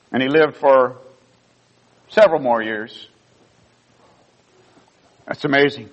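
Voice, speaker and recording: A man's voice: mid-range voice, takes it slowly, long pauses, muffled recording. Earnest older man preaching a sermon. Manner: earnest storytelling, rising emotion at key moments. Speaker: pastor. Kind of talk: sermon with personal stories.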